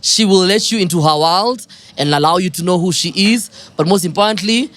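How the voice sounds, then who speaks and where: A woman's voice: lowish voice, brisk. A woman with a South African accent hosting a podcast interview, chatty and teasing, with frequent laughter. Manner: bubbly, laughs often, teasing. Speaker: podcast host. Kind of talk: casual interview chat.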